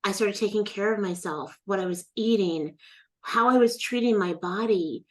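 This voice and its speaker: A woman's voice: medium pitch, moderate pace. A middle-aged woman telling a personal story as a guest in a casual interview, acting out the voices of the people in it. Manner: animated storyteller, acts out quoted voices.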